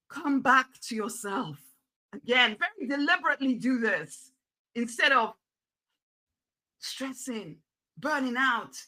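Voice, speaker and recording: On a rough recording, a motivational speaker with a voice on the high side coaxes her listeners to loosen up. She is emphatic and repetitive, occasionally softening into a near-whisper.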